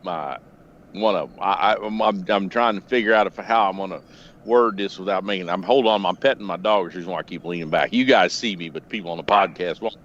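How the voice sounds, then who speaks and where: A man whose voice sits low talks at a quick pace, spinning rambling, curse-filled stories with animated energy on a casual podcast call from home. The sound is lo-fi, with a faint background noise.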